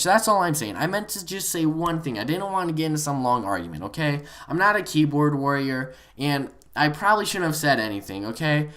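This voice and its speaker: Excited young man ranting a story. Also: a little high. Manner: excited, rambling, full of "like" and "man". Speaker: gaming vlogger. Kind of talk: casual storytime rant.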